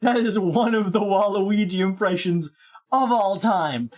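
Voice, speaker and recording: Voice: mid-range voice, unhurried. A VTuber game streamer chatting casually, goofy and self-mocking. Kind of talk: casual livestream chat.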